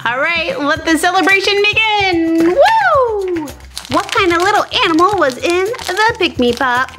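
A woman with a very high, bouncy voice narrates pretend doll play for a toy channel. She takes her time, gushing playfully over each surprise. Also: sing-song, unhurried.

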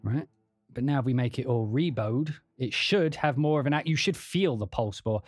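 A man's voice: medium pitch, animated, moderate pace. A man casually walking through a sample library on a livestream, rambling and humming rhythms aloud as he plays at his keyboard. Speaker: composer demonstrating a sample library. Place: home studio at a keyboard.

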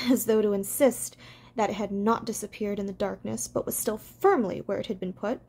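A woman doing amateur audiobook narration, gentle and unpolished, with small stumbles. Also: medium pitch, steady tone, normal speed, slightly rough.

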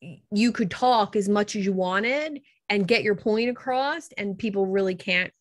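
A middle-aged woman, a coach, talking as an interview guest in a lively, rambling way and laughing easily. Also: medium pitch, moderate pace, dry recording, studio quality. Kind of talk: casual interview.

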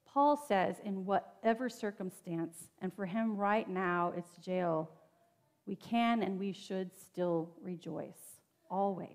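A woman's voice: medium pitch, takes it slowly. A woman pastor preaches in a conversational, earnest tone, turning to her listeners with little asides. Her voice sits in a middle register. Long reverb from the church room trails behind her words. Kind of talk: sermon. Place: church sanctuary.

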